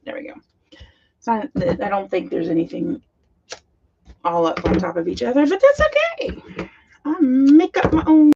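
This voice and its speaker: A woman's voice: mid-range voice, normal speed, vocal fry, long pauses, dull audio, noisy background. Chatty woman crafting at home. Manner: chatty, gushing, talks while working. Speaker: teacher and crafting channel host. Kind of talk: casual chat while scrapbooking.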